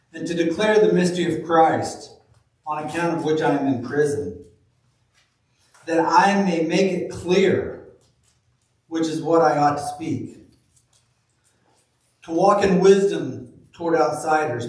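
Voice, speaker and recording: A man preaching a sermon in a church, reading scripture slowly and telling folksy stories. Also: on the high side, a little mellow. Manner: folksy storytelling, slow deliberate reading of scripture. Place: church sanctuary. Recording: very echoey room, from far off.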